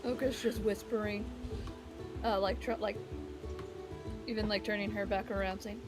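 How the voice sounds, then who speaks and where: A woman's voice: medium pitch, steady tone, normal speed, over music. A woman playing a tabletop game, hesitantly describing what her character does. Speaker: player. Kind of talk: casual tabletop play.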